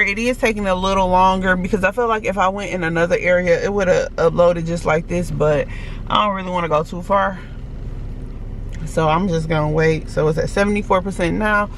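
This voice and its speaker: A woman's voice: lowish voice, a little hiss or hum. Chatty woman vlogger talking to y'all. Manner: chatty, addresses viewers as y'all; switches to soft whispers late at night. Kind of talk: casual vlog chat. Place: at home and in stores and car.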